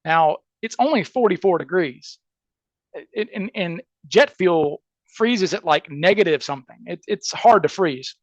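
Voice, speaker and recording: A man telling a story in casual podcast chat, animated and chatty, acting out the people he quotes with lots of "like" and quick restarts. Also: high-pitched, no room sound, lo-fi sound. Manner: animated, acts out quoted people with shifting voices.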